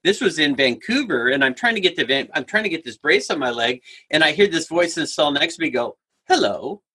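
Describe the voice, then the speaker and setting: A man works as a guest speaker, telling humorous stories in an animated conversational way, acting out the people in them and laughing as he talks. His voice is a little high, sharp, and husky, and he speaks at a quick pace with lots of animation.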